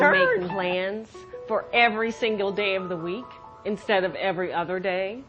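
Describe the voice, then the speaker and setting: A woman giving an earnest personal testimonial, speaking haltingly with pauses and restarts. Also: mid-range voice, lively intonation. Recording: dull lo-fi audio with music underneath.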